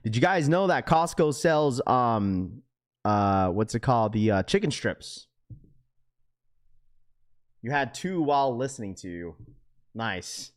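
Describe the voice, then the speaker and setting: Slow, animated slangy young man. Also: mid-range voice. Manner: slangy, laughs often, loose rambling talk to chat. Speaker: livestream host. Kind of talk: casual live-stream chat.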